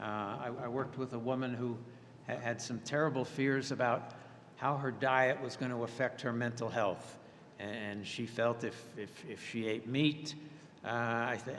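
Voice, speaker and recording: Halting man giving a webinar talk. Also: medium pitch, a bit bright, in a large hall, slight background noise. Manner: halting, many fillers and restarts, dry humor. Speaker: therapist presenting a webinar.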